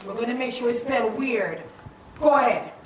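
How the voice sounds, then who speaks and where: A woman teacher, leading a playful, animated spelling lesson in a classroom. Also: fairly high pitch, normal speed, slight background noise. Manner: animated and playful, calls out questions. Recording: echoey classroom, mic at a distance.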